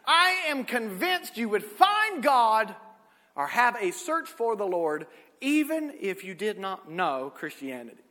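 A man, preaching a sermon with folksy stories, swinging from shouted peaks to low asides. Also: very animated, a little slow. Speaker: pastor. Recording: echoey hall.

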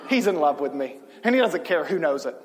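A man's voice: on the high side, lively intonation, fairly quick, in a large hall, pitched below the performer's own voice, lightly acted. A man voicing God as amused and fond of a worshipper, chuckling as he speaks.

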